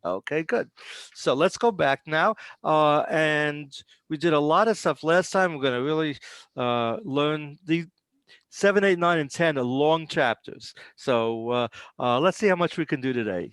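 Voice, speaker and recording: A man's voice: fairly high pitch, measured pace, a bit bright, clean tone, no echo. A man teaching a beginners' language class over a video call, patient and encouraging with his students. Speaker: Hebrew teacher. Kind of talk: online class instruction.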